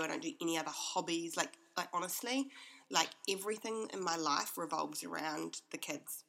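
A woman's voice: fairly low pitch, vocal fry, fairly bright tone. A woman hosting her own podcast from her home kitchen, talking candidly and heartfelt, rambling with lots of "like.". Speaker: podcast host. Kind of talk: candid personal monologue. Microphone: podcast microphone.

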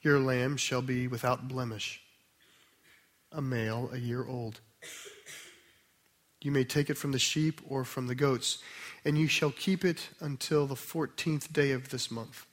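A man preaching a sermon, explaining scripture in a conversational way, then reading a passage aloud slowly and softly. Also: mid-range voice. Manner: conversational teaching with restarts, slow and soft when reading scripture.

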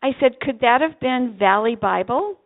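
An older woman from Vermont, a pastor's wife, telling a story and acting out the dialogue with lively delivery. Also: a little high, normal speed, narrow, tinny audio. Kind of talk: storytelling testimony.

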